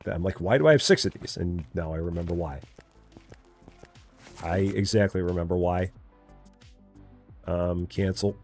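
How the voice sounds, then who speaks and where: A man's voice: low voice, measured pace, long pauses, darkish tone, soft background music. A middle-aged man streaming a store simulator game, talking to himself casually as he stocks shelves and answering viewers in chat. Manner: talks to himself, chatty, reads viewer chat aloud. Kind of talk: casual live gameplay commentary.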